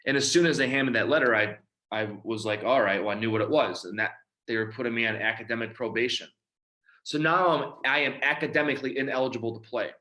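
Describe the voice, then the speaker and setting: A man's voice: medium pitch, quick pace, pushed and bright. A man from Michigan giving a personal testimony talk about his recovery, telling the story and acting out the dialogue. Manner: storytelling, acts out quoted dialogue. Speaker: recovery speaker.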